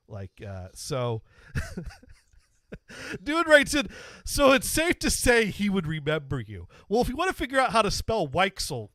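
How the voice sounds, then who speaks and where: A man's voice: sits high, huge pitch swings, unhurried, pushed and bright, dry recording. A man hosting a podcast, casually telling a long self-deprecating anecdote with frequent stops and restarts. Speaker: podcast host. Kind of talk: casual storytelling.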